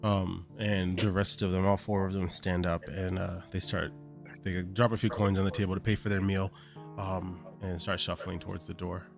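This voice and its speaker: Deep-voiced game master, guitar music behind. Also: male voice, flat delivery, moderate pace, creaky. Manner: hesitant, many ums and uhs. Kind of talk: narrating a tabletop game.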